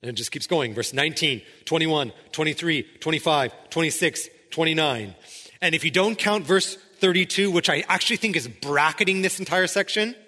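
Bright, forceful preacher in reverberant hall. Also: male voice, fairly high pitch, normal speed. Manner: emphatic, keeps asking "right?". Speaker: pastor. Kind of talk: sermon.

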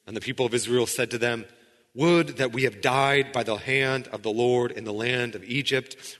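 Preaching man in a reverberant hall. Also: medium pitch. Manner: conversational preaching with repeated restarts, dropping to quiet intensity. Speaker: pastor. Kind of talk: sermon.

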